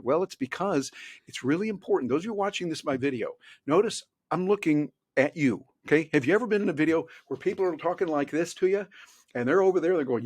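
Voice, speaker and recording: A man talking as a guest on a video call from his home office, folksy and animated, acting out little dialogues as he tells stories. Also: fairly high pitch, fast talker, husky, no room sound. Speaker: guest speaker. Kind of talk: casual interview chat.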